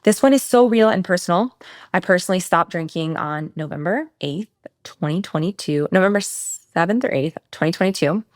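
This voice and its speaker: This woman hosts her podcast alone and races through it, frank and salty, with offhand asides. Her voice sits on the lower side for a woman. The close mic sounds dry, with the room adding almost nothing. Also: no echo. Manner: fast, blunt, swears freely, animated asides. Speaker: podcast host, nutrition coach. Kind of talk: casual solo podcast Q&A.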